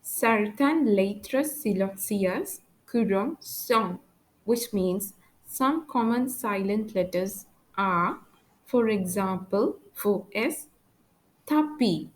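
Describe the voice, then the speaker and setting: Very slow, careful woman teaching French. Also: medium pitch, expressive, low-quality recording. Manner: slow, careful letter-by-letter pronunciation. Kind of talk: slow spoken language lesson.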